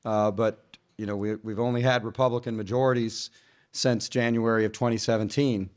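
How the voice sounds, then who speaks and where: A man's voice: lowish voice, steady tone, normal speed, darkish tone. A male senate floor leader speaking bluntly and matter-of-factly on a panel. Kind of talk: panel discussion.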